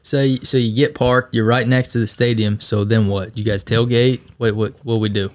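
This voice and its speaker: A man's voice: mid-range voice, steady tone, normal speed. A man in a casual podcast chat, easygoing, asking follow-up questions with some hesitation. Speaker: podcast co-host.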